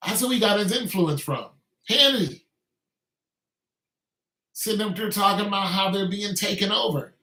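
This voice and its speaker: Male commentator, emphatic repetitive ranter, bright pushed voice, echoey recording. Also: sits high, moderate pace, long pauses. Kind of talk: opinionated monologue.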